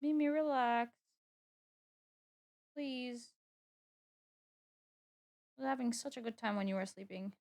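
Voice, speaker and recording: A woman's voice: on the high side, slow pace, pauses often, a little mellow. A young woman streaming live, chatting casually as she works and playfully scolding her cat. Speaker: VTuber streamer. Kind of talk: casual livestream chat.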